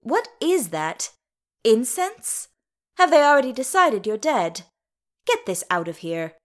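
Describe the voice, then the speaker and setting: A woman voicing a fierce, bossy dwarf mother who snaps orders and scolds in a sharp, commanding way. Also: mid-range voice, very animated, a little slow. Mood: exasperated.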